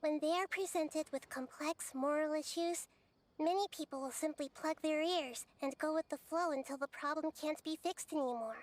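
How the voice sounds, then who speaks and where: Woman playing a calm little girl goddess, gentle and wise, light high voice, game dub. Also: normal speed, close to an everyday voice. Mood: earnest.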